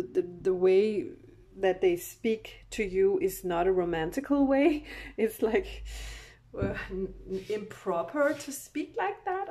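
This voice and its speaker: Slow, giggly woman reading oracle cards. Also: medium pitch. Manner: slow, meandering, with frequent soft laughs. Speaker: oracle card reader. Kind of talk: casual spiritual card reading.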